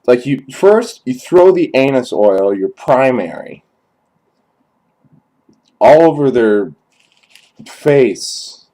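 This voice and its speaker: A young man drawls through a deadpan comedy monologue, halting and stumbling over his words. He swears freely in a dry, unhurried voice of middle pitch, as if thinking aloud. It sounds like a cheap webcam recording. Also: low-quality recording. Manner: dry, halting, crude and profane. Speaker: comedy sketch performer. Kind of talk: deadpan rambling character monologue.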